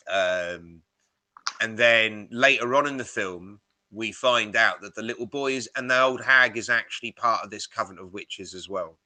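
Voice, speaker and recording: A man co-hosting a film podcast, rambling and animated as he retells scenes, with casual swearing. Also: fairly low pitch, normal speed, dry recording. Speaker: podcast co-host. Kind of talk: casual film-review chat.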